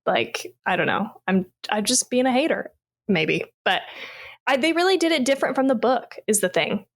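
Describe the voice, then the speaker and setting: A woman's voice: on the high side, animated, moderate pace. A woman co-hosting a horror podcast in casual chat, speaking candidly and rambling a little with exclamations. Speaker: podcast co-host.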